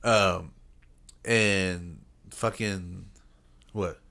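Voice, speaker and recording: A man's voice: sits low, fairly even intonation, very slow, creaky, bright, forceful tone. A man telling a rambling school story in casual podcast chat, cursing and laughing often. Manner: rambling storyteller, heavy swearing, laughs a lot. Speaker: podcast co-host.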